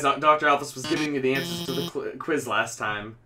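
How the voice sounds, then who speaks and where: A man playing a video game and commenting in a sarcastic, deadpan way, with game music behind. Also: mid-range voice, brisk, distant mic. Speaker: gaming channel host. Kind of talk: let's play commentary.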